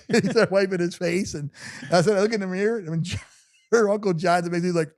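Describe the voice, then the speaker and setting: Halting middle-aged man telling a story. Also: high voice, darkish tone, no room sound. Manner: halting, repeats words, many "you know"s. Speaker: guest. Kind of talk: personal storytelling interview.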